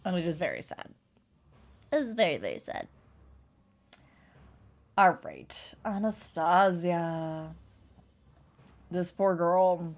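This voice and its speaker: A woman's voice: fairly low pitch, big pitch swings, takes it slowly, pauses often. A young adult woman streaming a casual chat, laughing often and swearing casually. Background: faint music.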